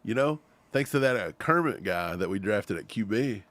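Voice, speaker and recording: A man's voice: on the low side, normal speed, no echo. A man from Kentucky co-hosting a fan show, joking in casual livestream banter. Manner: animated, joking.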